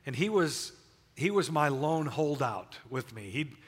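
With long reverb from a large church hall, an older pastor gives a sermon built around his personal testimony, speaking candidly and often restarting. His husky, slightly high voice swings widely in pitch while he holds a measured pace.

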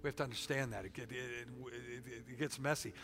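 A middle-aged man preaching a sermon as pastor, swinging between loud exhortation and quiet storytelling. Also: medium pitch, steady tone, a little fast, vocal fry, over music. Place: church sanctuary. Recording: long reverb of a large hall.

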